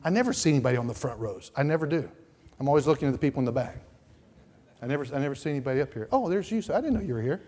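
A male pastor preaching a sermon in a church, repeating words and swinging from quiet asides to loud outbursts. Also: medium pitch, expressive, racing. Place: church sanctuary. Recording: reverberant church hall.

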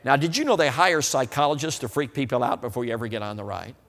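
A man with a mid-range voice speaks fast, delivering a folksy, humorous sermon in a church hall with a reverberant sound. Animated and story-driven, he often turns to the audience to ask if they know what he means.

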